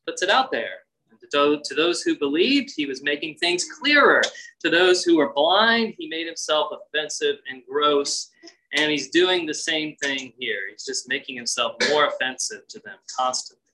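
A man preaching a sermon, expressive, acting out quoted lines with big shifts in pitch. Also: moderate pace, slight background noise, low-quality recording. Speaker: pastor.

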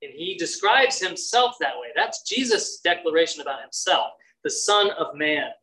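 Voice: medium pitch, expressive, moderate pace, bright, forceful tone, rough recording. A preacher giving a Bible-teaching sermon in an emphatic way, repeating key phrases for stress.

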